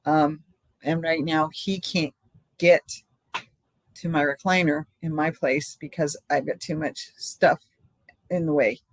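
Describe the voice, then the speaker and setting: A woman's voice: low voice, dry recording. An older woman hosting a casual live stream, chatting in a rambling way from home and laughing often.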